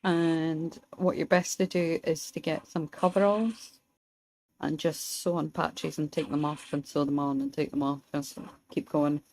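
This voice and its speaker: A young Scottish woman streaming a game, chatting wryly with her viewers and pausing mid-thought. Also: sits low, fairly even intonation, a little mellow, low-quality recording. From Scotland. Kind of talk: casual gameplay commentary, chatting with viewers.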